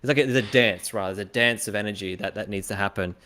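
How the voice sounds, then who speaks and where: Here a young man from Australia hosts a casual podcast, his voice lowish and his pace quick. He spins lively anecdotes and acts out how others spoke.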